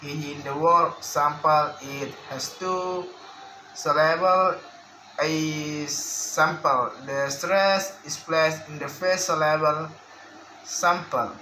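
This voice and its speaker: Slow, bright-voiced man reading a lesson. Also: fairly high pitch, steady tone. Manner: slow, careful reading of word lists with restarts. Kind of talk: reading a phonetics lesson aloud. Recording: echoey room with faint background hiss.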